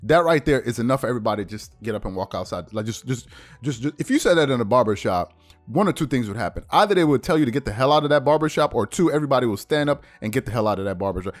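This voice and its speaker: A man's voice: medium pitch, rapid-fire, soft background music. A man hosting a sports show, reacting to a clip with an incredulous, laughing rant. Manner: animated, incredulous, ranting with laughs. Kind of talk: casual sports commentary.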